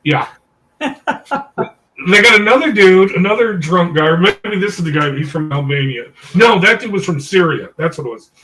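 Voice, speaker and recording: A man with a somewhat high voice, heard from a little way off the microphone. He rambles through his story with many fillers and halts to fix his own details as he goes. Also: animated, moderate pace, bright, forceful tone. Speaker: discussion group leader. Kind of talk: rambling casual discussion. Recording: voice distant from the mic.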